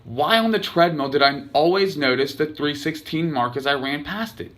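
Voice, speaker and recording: Man, reading his blog aloud, bright tone, earnest, dramatic storytelling. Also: fairly high pitch, normal speed. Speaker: blogger reading his own post.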